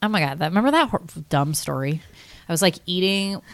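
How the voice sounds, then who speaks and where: A woman's voice: lowish voice, lively intonation, a little fast. A woman co-hosting a podcast in casual chat, easygoing and explaining with many fillers. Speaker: podcast co-host.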